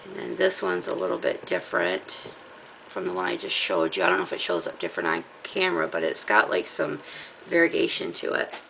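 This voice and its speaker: A middle-aged woman with a gravelly voice, casually chatting as she shows off fabric from a craft haul, rambling and laughing often. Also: on the low side, a bit bright, a little hiss or hum, poor audio. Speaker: crafting channel host. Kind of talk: casual haul show-and-tell.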